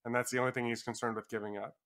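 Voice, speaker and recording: A man's voice: mid-range voice, flat delivery, rapid-fire, a bit bright. A man co-hosting a podcast, chatting casually and joking as he rambles through a reality show. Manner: joking, rambling, slips into mock voices. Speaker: podcast co-host. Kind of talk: casual comedic chat.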